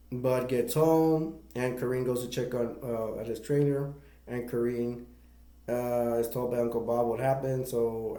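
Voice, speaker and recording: A man's voice: medium pitch, dark tone, echoey room. A man casually retelling the plot of a movie for a review, rambling with many fillers and restarts.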